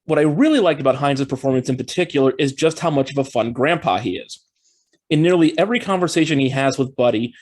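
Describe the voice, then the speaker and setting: With a mid-range voice, a man presents his film review channel, reading a scripted review in a cheerful, even, explanatory manner.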